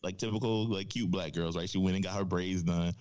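Animated, cussing man with a lowish voice. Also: brisk, smooth, lo-fi sound. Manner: animated storyteller, profane, slangy. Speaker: podcast guest. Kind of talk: casual podcast conversation.

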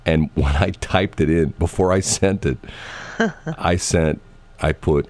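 A man's voice: low-pitched, fairly even intonation, slow pace, darkish tone. A middle-aged man hosting a morning radio show, rambling in casual chat and laughing often, recorded in a radio studio.

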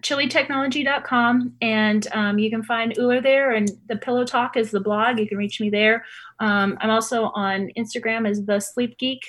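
Chatty woman guest, slightly high voice. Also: steady tone, normal speed, fairly bright tone. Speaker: guest, sleep scientist. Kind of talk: casual interview talk.

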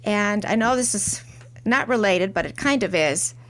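A middle-aged woman, a porcelain artist, telling a reflective story in an interview with soft restarts. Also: mid-range voice, lively intonation, moderate pace. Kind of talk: interview conversation.

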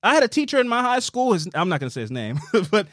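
A man's voice: high voice, big pitch swings, fast talker, a bit bright, dry recording, studio quality. A man co-hosting a casual podcast chat, talking animatedly and dropping into mocking quoted voices. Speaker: podcast co-host.

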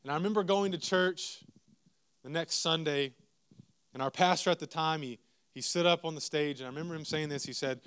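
A man, preaching a sermon as a lively, self-mocking story with asides to the congregation. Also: on the high side, a little fast, smooth.

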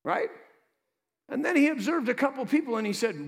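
A man preaching a sermon as pastor, with lively asides to the congregation. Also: very high voice, fairly quick, in a large hall.

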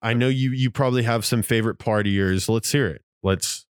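A man co-hosting a podcast, chatting about a film in a relaxed, joking way. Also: medium pitch, a little fast, smooth, no echo, studio quality. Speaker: podcast co-host. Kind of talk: casual movie-review chat.

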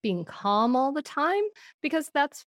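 A woman's voice: high voice, lively intonation, unhurried, fairly bright tone, no echo, studio quality. A woman talking about parenting as a podcast guest. She tells stories with animation and laughs often. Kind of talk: podcast conversation.

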